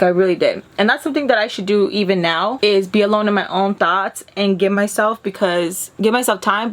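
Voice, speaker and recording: Chatty young woman telling a story. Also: medium pitch. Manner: chatty, animated, acts out quoted voices. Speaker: storytime vlogger. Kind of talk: casual storytelling.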